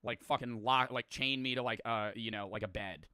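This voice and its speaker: A man's voice: medium pitch, steady tone, bright, forceful tone, clear, resonant tone, dry recording, studio quality. A man hosting a reaction video, rambling casually, swearing and joking about himself. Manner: rambling, profane, self-deprecating, quick to laugh.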